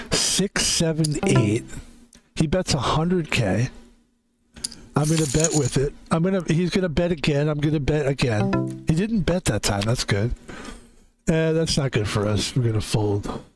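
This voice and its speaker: A man from the East Coast of the US giving casual game commentary as a streamer, slightly hoarse from a sore throat, relaxed and chatty. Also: on the high side, unhurried, long pauses. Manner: relaxed, chatty, self-described cozy. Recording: music playing underneath.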